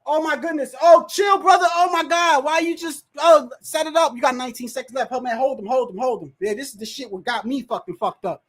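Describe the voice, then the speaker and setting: Fairly quick with few pauses, the high-voiced host of a livestream commentates live on a fight, excitedly exclaiming, swearing freely and talking directly to the referee and fighters. Viewer messages are read aloud.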